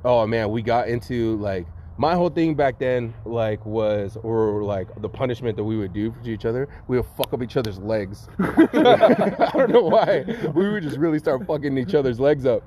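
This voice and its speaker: A man's voice: mid-range voice, normal speed, a crowd in the background. A young man telling a story in casual chat, swearing constantly and laughing between lines. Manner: profane, laughing, lots of "like". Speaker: host telling stories.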